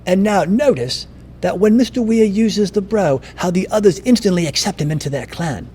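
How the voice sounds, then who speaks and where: A man in his fifties putting on the voice of an older male nature documentary narrator, slow and wry. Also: high-pitched, expressive, mellow, a little hiss or hum, pitched above the performer's own voice. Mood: mock-solemn.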